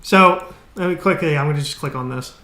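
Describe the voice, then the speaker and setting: Male coding streamer, fed-up rambling rant, slightly high bright voice. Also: a little fast, echoey room. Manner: exasperated, swearing, trailing off and restarting. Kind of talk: casual live-stream ranting.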